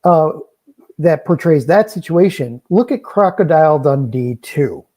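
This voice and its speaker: Wry man with a mellow voice. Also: a little high, lively intonation, measured pace. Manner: wry, opinionated, joking asides. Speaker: podcast co-host. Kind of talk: casual chat, movie review.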